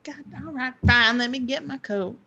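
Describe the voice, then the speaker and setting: A woman playing a worn-out pie shop worker who swears and no longer cares. Her voice sits high, and she is bitter and blunt, with music playing underneath. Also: normal speed, gravelly, dull audio. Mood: fed up.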